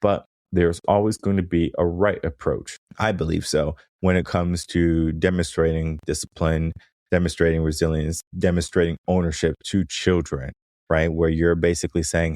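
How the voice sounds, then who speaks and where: A man with a very low, deep voice talks through a solo coaching podcast in a loose, conversational way. He keeps tossing in "right?" to check in with the listener, and he brightens when acting out quoted lines. The sound is dry and close, with no room echo. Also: little pitch movement, normal speed. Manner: casual, conversational, frequent "right?" tag questions. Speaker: podcast host and mindset coach.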